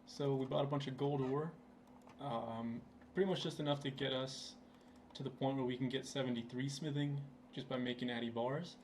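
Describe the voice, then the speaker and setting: A man's voice: medium pitch, fairly even intonation, moderate pace, a little mellow, a little hiss or hum. A young man giving casual, rambling commentary over his gameplay, with plenty of fillers, recorded at his computer. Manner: laid-back, rambling, with frequent fillers. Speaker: gaming channel host.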